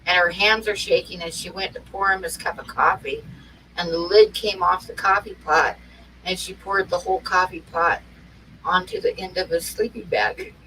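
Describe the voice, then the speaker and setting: A woman's voice: on the low side, fairly even intonation, moderate pace, sharp tone. A middle-aged woman from Oregon telling rambling anecdotes in casual chat, often breaking into laughter. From Oregon, USA. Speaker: co-host. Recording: distant mic with faint noise.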